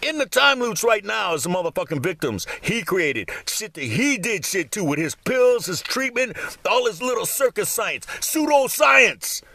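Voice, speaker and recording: A man's voice: high-pitched, big pitch swings, normal speed, gravelly, few pauses, sharp tone, no room sound. A man ranting to his viewers from a cold room at home, swearing constantly and rambling in a heated monologue. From Michigan. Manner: profane, swearing heavily, rambling. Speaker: vlogger.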